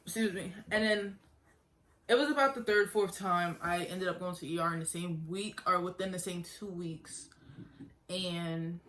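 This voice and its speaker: A woman's voice: lowish voice, moderate pace, fairly bright tone. A young woman earnestly telling her own story in a casual vlog, talking conversationally and repeating herself. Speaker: vlogger.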